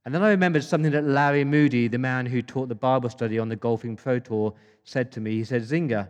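A man's voice: medium pitch, fairly even intonation, fast talker, hardly any pauses. Male pastor, emphatic sermon delivery with rhetorical questions, reverberant hall sound.

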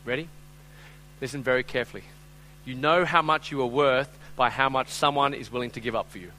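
Animated and fast, this slightly high-pitched male pastor tells a sermon story conversationally, leaning on "right?" and "I'm telling you." He voices the characters and swings from loud to hushed, and the recording is rough.

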